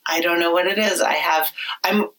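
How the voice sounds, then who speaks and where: A woman's voice: lowish voice, fairly even intonation, normal speed, fairly bright tone, far from the mic, low-quality recording. A woman chatting candidly and reflectively as a podcast co-host, sighing at times and swearing when she gets heated. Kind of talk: casual chat.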